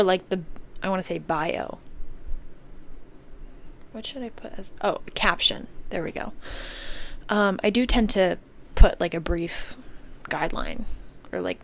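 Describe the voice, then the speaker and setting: A woman's voice: lowish voice, a little hiss or hum. Young woman rambling emphatically into her phone. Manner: rambling, heavy use of "like", emphatic swearing. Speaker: podcast host. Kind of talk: casual solo monologue. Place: indoors under an air vent. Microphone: phone recording.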